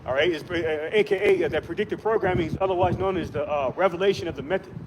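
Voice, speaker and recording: A man's voice: high voice, fast talker, a crowd in the background, rough recording. A man preaching outdoors, rambling with many fillers and restarts. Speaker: street preacher. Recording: loud wind and traffic noise.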